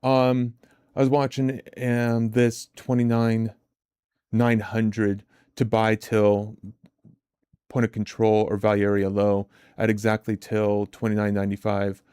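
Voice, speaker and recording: A man's voice: on the low side, unhurried, clear, resonant tone, no room sound. Male streamer host, casual and chatty, with a lot of restarts. Dry, close sound. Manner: chatty, repeats words and restarts often; animated storyteller. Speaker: trading live-stream host. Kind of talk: casual live-stream commentary.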